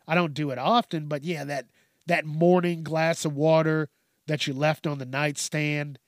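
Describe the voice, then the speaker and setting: A man's voice: a little high, little pitch movement, moderate pace, dry recording. Profane ranting man, dry close sound. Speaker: host. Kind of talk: casual news commentary.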